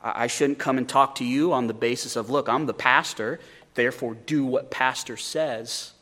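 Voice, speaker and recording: A man's voice: medium pitch, fairly even intonation, normal speed, a bit bright. A male pastor preaching a sermon in an earnest way, often repeating words as he starts a phrase.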